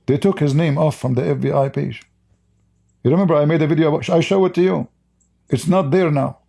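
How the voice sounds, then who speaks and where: Heated man with a mellow voice. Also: fairly high pitch, brisk, gravelly. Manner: heated, blunt, mocking, with broken non-native English. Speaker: live-stream host. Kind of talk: ranting live-stream commentary, reading viewer chat.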